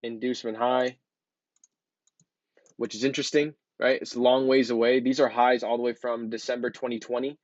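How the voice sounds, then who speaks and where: A trading educator casually explains charts over a screen-share, his medium-pitched voice level in tone and moderate in pace. His talk is loose and chatty, full of ums and filler words. The recording is dry and muffled.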